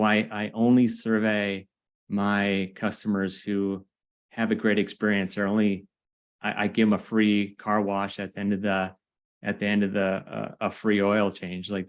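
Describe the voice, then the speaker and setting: A man hosts a casual podcast interview in a low, level voice. He talks in a chatty, looping way, often circling back and restarting his sentences before landing the question. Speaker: podcast host.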